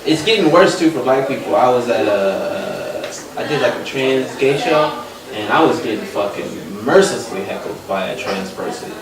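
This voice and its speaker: Animated young stand-up comedian man, echoey club. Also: normal speed. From Los Angeles. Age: young adult. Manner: animated, loud punchlines, drops low for asides. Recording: echoey live room, mic far off, crowd laughter.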